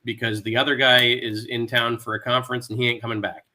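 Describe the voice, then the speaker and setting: A man's voice: medium pitch, flat delivery, quick pace, sharp tone. A man on a poker podcast, chatting casually and bluntly. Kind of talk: casual chat.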